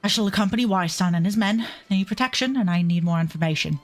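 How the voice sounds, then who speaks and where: A woman's voice: medium pitch, fast, lightly acted. A woman voicing a courteous young male swordsman-scholar in a put-on posh British accent, with formal, courtly phrasing.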